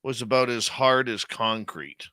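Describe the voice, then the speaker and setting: A man's voice: mid-range voice, unhurried, sharp tone, no room sound. A man hosting a live radio show, chatting casually and joking as he greets listeners in the chat by name.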